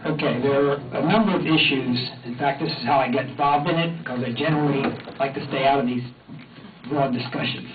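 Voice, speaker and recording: A man making a deliberate, measured statement at a township meeting. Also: mid-range voice, crowd noise. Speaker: meeting participant. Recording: distant, echoey, tinny.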